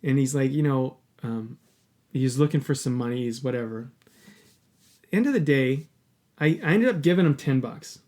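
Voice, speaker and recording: A man's voice: mid-range voice, expressive, moderate pace, pauses often, darkish tone. A man hosting a podcast, telling a personal story in an earnest, candid way and swearing casually. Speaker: podcast host.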